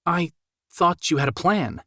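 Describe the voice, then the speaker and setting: A male audiobook narrator voicing a slightly flustered, organized young woman with a lightly raised, quick voice. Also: fairly high pitch, sharp tone, dry recording, pitched above the performer's own voice. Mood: enthusiastic. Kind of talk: audiobook character voice. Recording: dry close studio sound.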